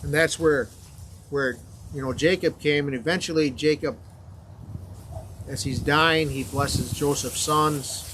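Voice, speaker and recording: Male confirmation teacher, slightly raised pitch, halting conversational retelling, faint hiss. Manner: conversational, halting, frequent fillers. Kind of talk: informal Bible story retelling.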